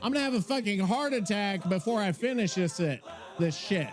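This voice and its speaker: A man's voice: high-pitched, expressive, fairly quick. A man hosting a gaming podcast, talking loosely and profanely with frequent rambling. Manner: loud, profane, laughing, rambling. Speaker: podcast host. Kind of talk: casual chat.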